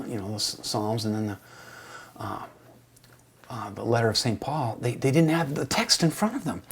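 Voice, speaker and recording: A man's voice: medium pitch, a little mellow, slightly rough. A middle-aged man telling long, rambling, self-deprecating stories in a casual way, full of restarts and asides. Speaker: college instructor and storyteller. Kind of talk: casual anecdotal storytelling.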